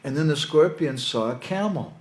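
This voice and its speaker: A man's voice: a little high, expressive, normal speed. A man giving a conversational spiritual talk to young people, telling stories with casual asides. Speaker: monk lecturer. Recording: echoey hall with faint ambience.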